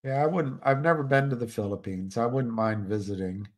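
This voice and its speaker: A man's voice: medium pitch, fairly quick. An older man hosting a live stream, chatting casually and rambling with frequent restarts. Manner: rambling, musing, many restarts. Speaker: livestream host.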